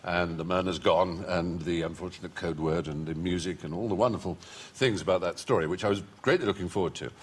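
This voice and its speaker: An English man, a talk show guest, telling wry, articulate anecdotes in a husky voice. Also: low voice, a little fast, hardly any pauses. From England. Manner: articulate, wry storyteller who breaks into put-on voices. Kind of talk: anecdotal chat.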